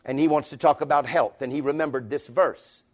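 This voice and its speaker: A man preaching a sermon to a congregation in a church, emphatic, moving from quiet reflection to loud declarations. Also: on the high side, a little fast.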